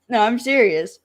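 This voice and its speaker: A woman co-hosting a podcast, casually recapping an episode with lively acted-out quotes and frequent laughs. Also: fairly high pitch. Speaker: podcast co-host.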